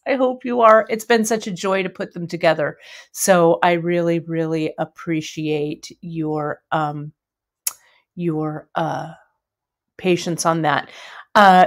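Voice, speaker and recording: A middle-aged woman hosting a live jewelry-making stream, chatting with viewers in a friendly, rambling way full of fillers. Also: medium pitch. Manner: chatty, warm greetings to viewers, many fillers. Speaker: bead shop host. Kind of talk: casual live-stream chat and jewelry demo.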